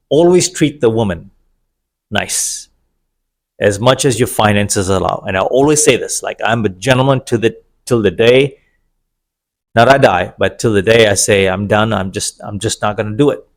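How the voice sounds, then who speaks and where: A middle-aged man giving an opinionated, sarcastic monologue about dating, wandering into digressions. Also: lowish voice. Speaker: vlogger. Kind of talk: casual monologue to camera.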